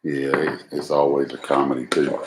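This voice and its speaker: The man has a bass voice, a level tone and a moderate pace. Hosting a live cooking stream from a noisy home recording, he talks folksily to viewers as he cooks and jokes at his own expense.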